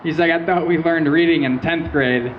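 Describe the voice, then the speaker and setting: A young man doing stand-up in a small live venue, his voice sitting a little high for a man. He tells his stories deadpan, slipping into quoted asides. The recording is muffled and lo-fi, with a faint hum of room noise behind him. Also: normal speed. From Michigan. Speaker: stand-up comedian. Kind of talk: stand-up set.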